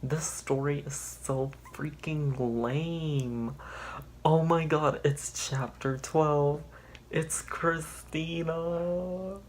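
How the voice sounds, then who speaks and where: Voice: medium pitch, steady tone, drawn-out words, a little mellow, slight background noise. Sarcastic young reader mocking an old story. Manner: sarcastic, exasperated asides. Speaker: youtuber reading an old story aloud. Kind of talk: mocking read-through with commentary.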